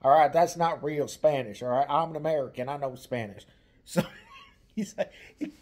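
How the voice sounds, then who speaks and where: A man's voice: mid-range voice, moderate pace, a little mellow. A man in his forties casually telling a story to his viewers, rambling, teasing and swearing freely. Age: 40s. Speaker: vlogger.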